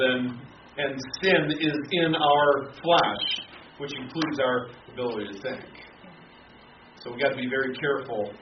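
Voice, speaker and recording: Halting man teaching a Bible class. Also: medium pitch. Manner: halting, repeats words, frequent fillers. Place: classroom or church hall. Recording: roomy, distant, dull, noisy room recording.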